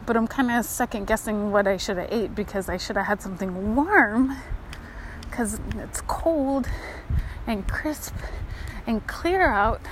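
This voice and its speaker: A woman chatting on a walking vlog outdoors by a creek, rambling and excitable, a little out of breath from walking. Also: medium pitch, a little slow, slight background noise. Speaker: vlogger.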